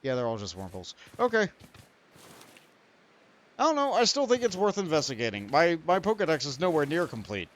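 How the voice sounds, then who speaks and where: A man's voice: a little high, sing-song, brisk, long pauses. A young man streaming a video game, rambling and poking fun at himself while he talks to the creatures on screen. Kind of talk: let's play commentary.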